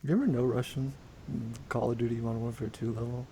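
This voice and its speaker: A man's voice: mid-range voice, flat delivery, fast talker, dark tone, a little hiss or hum. A young man co-hosting a casual podcast chat, laid-back and agreeable. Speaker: podcast co-host.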